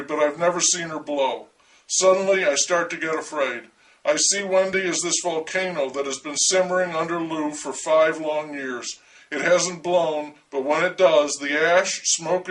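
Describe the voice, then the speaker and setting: A man reads a first-person story aloud with dry, wry humor. His voice sits a little high for a man. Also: fairly bright tone, far from the mic, rough recording.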